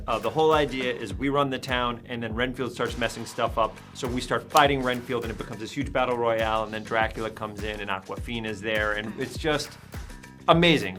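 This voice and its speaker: A man, an actor and improv comedian, talking excitedly and rapidly about his film role in an interview. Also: medium pitch. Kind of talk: press junket interview.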